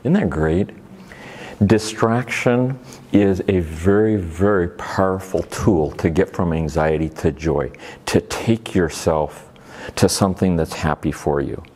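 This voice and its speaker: A man's voice: low-pitched, a little slow, darkish tone, husky. A middle-aged man from Oregon giving a faith-based talk to a live audience, telling homey stories in a playful, folksy way. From Oregon, USA. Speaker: speaker at a faith-based recovery ministry event.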